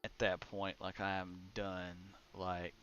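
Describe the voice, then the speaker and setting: A man's voice: deep voice, flat delivery, slow pace, fairly bright tone, smooth. A young man streaming a game, muttering casually to his chat and swearing at the menus. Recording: slightly dull lo-fi stream audio with faint music.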